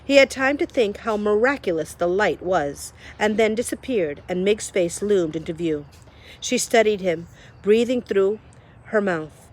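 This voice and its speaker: A woman's voice: medium pitch, a little slow. Woman reading a children's story aloud. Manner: lively storytelling, addresses the reader. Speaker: reader.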